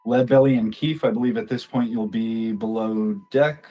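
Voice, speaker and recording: A man narrating a tabletop role-playing game as game master, relaxed, with frequent fillers. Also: medium pitch, moderate pace, lo-fi sound, soft background music.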